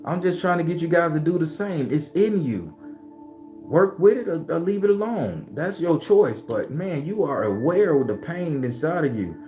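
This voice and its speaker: A man hosting a live stream as a tarot reader, chatting casually with viewers in an animated, profane way, laughing often and slipping into preachy pep talks. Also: a little high, normal speed, faint music behind.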